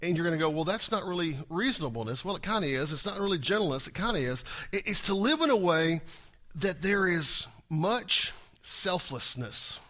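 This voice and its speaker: Man, pastor, sermon, high voice, bright tone, rhetorical questions, stumbles and restarts. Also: animated, moderate pace. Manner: swings from hushed lows to loud emphatic peaks, rhetorical questions; frequent restarts and stumbles while explaining.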